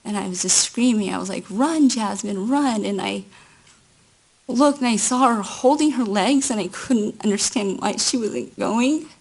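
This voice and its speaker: A woman testifying as a witness at a trial, recounting events in a slow, halting way. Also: mid-range voice, vocal fry, breathy edge. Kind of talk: courtroom testimony.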